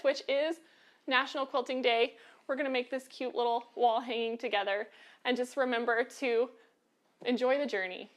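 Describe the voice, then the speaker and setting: A high-voiced American woman hosts a quilting lesson. She talks in a chatty, encouraging way and drops in frequent filler ums as she explains her steps. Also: a bit bright. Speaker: quilting show host. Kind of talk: live online quilting lesson.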